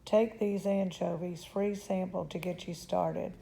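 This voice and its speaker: A woman voicing a friendly, generous bait shop owner in a storybook reading, in her own slow low voice. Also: steady tone, vocal fry, dark tone, slight background noise, rough recording.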